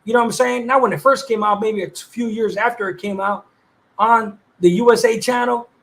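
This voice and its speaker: Livestream host, high-pitched man, casual slang-heavy chat with viewers. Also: fairly even intonation, a little fast, vocal fry, fairly bright tone. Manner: streetwise slang, loose and laughing.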